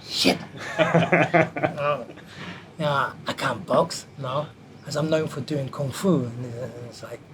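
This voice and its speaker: A man telling a lively anecdote from his film career in an interview, acting out the quoted voices as he goes. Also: a little high, takes it slowly, noisy background. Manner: animated anecdote teller who acts out quotes. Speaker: martial artist and film stunt performer. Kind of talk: storytelling in an interview.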